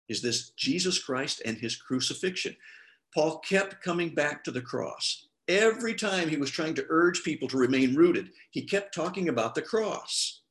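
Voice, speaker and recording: A middle-aged male pastor giving a sermon, talking conversationally and acting out the people he quotes. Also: mid-range voice. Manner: conversational preaching with lively quoted voices.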